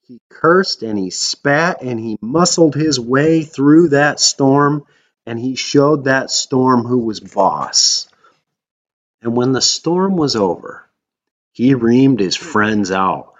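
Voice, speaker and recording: Man, scripted devotional narration, dramatic storytelling, average pitch, dull lo-fi sound. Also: animated, slow. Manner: dramatic storyteller, shouting acted quotes. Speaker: podcast host teaching on faith.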